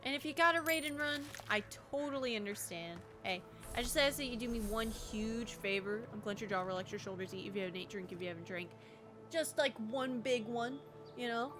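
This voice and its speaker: A woman's voice: on the high side, a little fast, music in the background. A young woman with a Southern US accent, chatting casually and bubbly while streaming a game, laughing easily. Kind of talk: casual livestream chat while gaming.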